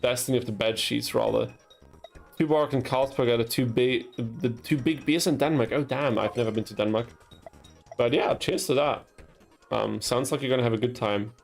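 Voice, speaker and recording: Gravelly young man streaming a game. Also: mid-range voice, normal speed, soft background music. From Austria. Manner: chatty, laughs at himself, yelps in frustration. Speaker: gaming streamer. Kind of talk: casual gameplay commentary with chat.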